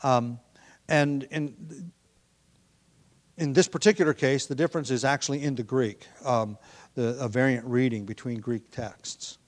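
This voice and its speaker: A man preaching a verse-by-verse Bible sermon in a conversational, thinking-aloud way, with frequent ums, restarts and throat clearing. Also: medium pitch, fairly even intonation, a little slow.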